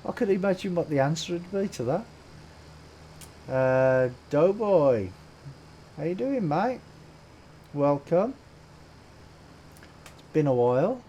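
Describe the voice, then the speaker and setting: A man's voice: on the high side, expressive, takes it slowly, pauses often, dark tone, dull audio, a little hiss or hum. A man with a Brummie accent giving chatty live-stream commentary while playing, greeting viewers and laughing often. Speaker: game streamer.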